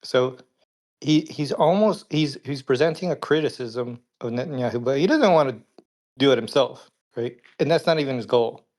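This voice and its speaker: A man's voice: medium pitch, moderate pace, darkish tone. A man co-hosting a reaction stream, picking apart an interview in an exasperated, analytical way with rambling restarts. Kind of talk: casual reaction commentary.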